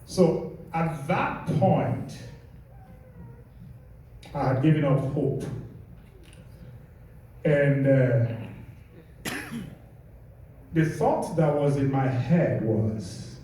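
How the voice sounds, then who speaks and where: A Nigerian man in his late fifties, with a Nigerian accent, gives a personal testimony, telling his own story in a measured, deliberate way and letting each phrase land slowly. His medium-pitched voice is very dark and mellow. The mic is distant in a very echoey, roomy space with faint hiss.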